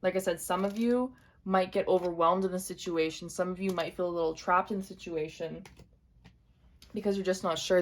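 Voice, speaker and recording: A young woman reads tarot intuitively to the camera, her voice gentle and on the low side. She keeps repeating her points directly to the viewer.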